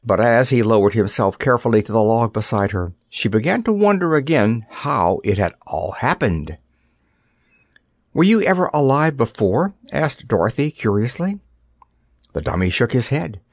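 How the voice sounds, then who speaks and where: An audiobook narrator, a man with a lowish voice, reads a storybook expressively at a moderate pace. It's scripted narration, recorded dry with studio quality.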